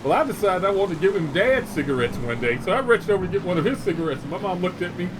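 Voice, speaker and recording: A middle-aged man hosting a gaming show, telling stories in a folksy, animated way between laughs. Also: high voice, fast talker, noisy background. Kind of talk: casual storytelling while streaming a game.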